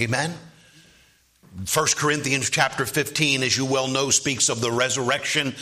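A male preacher delivers a sermon in a bright, forward voice of middle pitch. He slips between quiet asides and surging, rising passages, checking in with the congregation with "Amen?". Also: normal speed.

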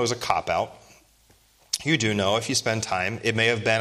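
A man's voice: fairly low pitch, steady tone, brisk, fairly bright tone. A man in his thirties preaching a sermon, stressing his points and posing rhetorical questions to the congregation. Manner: emphatic, asks rhetorical questions. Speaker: pastor.

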